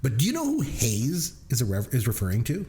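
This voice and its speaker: Animated man who laughs often. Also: mid-range voice, brisk. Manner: enthusiastic, laughs often, quotes lines with gusto. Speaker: podcast co-host, works in education. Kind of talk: casual movie review chat.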